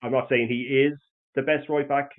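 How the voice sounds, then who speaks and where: A man with an Irish accent hosting a casual football chat, rambling and animated, with lots of restarts. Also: medium pitch, normal speed. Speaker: host. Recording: tinny phone-like line.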